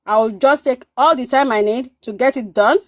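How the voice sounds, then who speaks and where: A woman's voice: a little high, normal speed, dry recording. A woman from Nigeria chatting on a live stream, telling stories animatedly and repeating phrases for emphasis. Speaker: guest. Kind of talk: casual storytelling chat.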